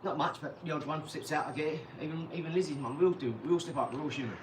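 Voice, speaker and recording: Man vlogger, high-pitched, blunt, rambling; far from the mic with noticeable noise. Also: very fast. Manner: rambling, blunt, swears then apologizes. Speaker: channel host. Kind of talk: casual vlog monologue. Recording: echoey room, far from mic, clear background noise.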